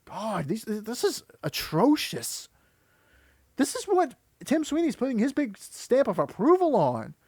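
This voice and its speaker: Male voice actor turned commentator; high, dry, exasperated and critical, rambles. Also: huge pitch swings, measured pace, mellow, husky, no echo. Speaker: YouTuber and voice actor. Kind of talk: commentary video rant.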